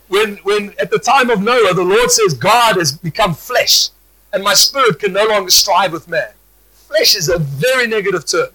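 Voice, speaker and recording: High bright-voiced preacher. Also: male voice, low-quality recording. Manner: animated, repetitive restarts, rising to shouts. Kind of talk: sermon.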